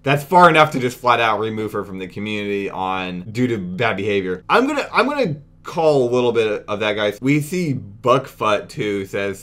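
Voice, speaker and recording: Young guy with a lowish voice doing a brash mocking rant at his viewers, talks casual and worked up. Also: sing-song, moderate pace, few pauses, fairly bright tone. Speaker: youtube commentator. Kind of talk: casual commentary video.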